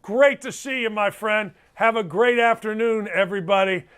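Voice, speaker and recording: A middle-aged man with a fairly high speaking voice hosts a sports talk show. He talks bluntly and emphatically and hammers his points home by repeating them. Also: moderate pace, fairly bright tone, clear, resonant tone.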